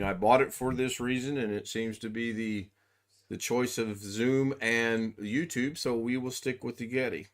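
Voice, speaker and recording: A man's voice: mid-range voice, a bit bright. Folksy joking male stream host. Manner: folksy, joking, says "doggone". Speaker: livestream host. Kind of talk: casual chat. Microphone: desk USB microphone.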